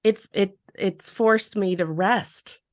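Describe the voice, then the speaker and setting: A woman from Canada, a guest on a podcast, speaking reflectively from her home office with a nasal, hoarse voice from a cold. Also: medium pitch, slow pace, no room sound, studio quality. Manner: reflective, thoughtful. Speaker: guest, mindset coach. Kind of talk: casual podcast interview.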